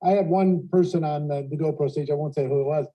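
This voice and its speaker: A man hosting a panel and giving energetic coaching tips on presenting. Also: a little high, quick pace, poor audio. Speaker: host.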